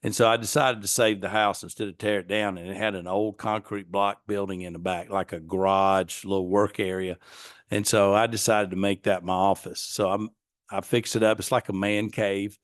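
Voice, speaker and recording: A man's voice: lowish voice, little pitch movement, normal speed, no echo, studio quality. A man with a Southern US accent, a podcast guest chatting casually in an easygoing way. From Atlanta area, US South. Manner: easygoing, laughs at his own jokes. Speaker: guest, mortgage broker. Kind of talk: casual chat.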